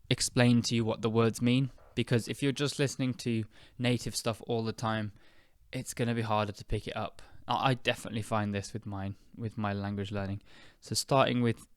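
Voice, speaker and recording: A young British man hosting an English-learning podcast, speaking slowly and clearly in a chatty, relaxed way with fillers. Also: on the low side, dry recording, clean studio sound. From United Kingdom. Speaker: podcast host and English teacher. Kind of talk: casual spoken lesson.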